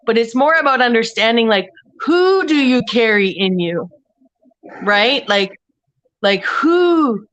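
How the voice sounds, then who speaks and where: A woman's voice: fairly high pitch, animated, slow pace, fairly bright tone, lo-fi sound. A woman joining a casual livestream discussion as a panel guest, rambling and searching for words mid-thought.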